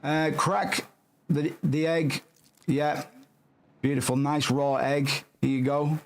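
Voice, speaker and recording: A man's voice: fairly high pitch, level tone, takes it slowly, a little hiss or hum. A man streaming a horror game, rambling casually and swearing as he plays along with the characters. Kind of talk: casual gameplay commentary.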